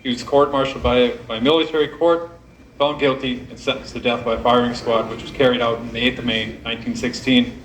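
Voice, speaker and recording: A man's voice: mid-range voice, flat delivery, fairly quick, a bit bright, slight background noise. A man giving an informal, jokey historical talk to a live audience at a pub event, directing volunteers as he goes. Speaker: event speaker. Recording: echoey room recording.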